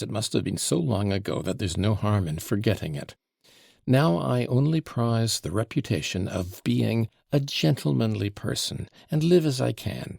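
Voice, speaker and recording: A man voicing the devil in an audiobook, a fawning gentleman visitor who mocks in mock-polite, ingratiating tones. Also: mid-range voice, gravelly, breathy edge, no echo, clean studio sound, heavily acted. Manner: mocking, fawning, mock-polite, with French flourishes. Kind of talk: audiobook character reading.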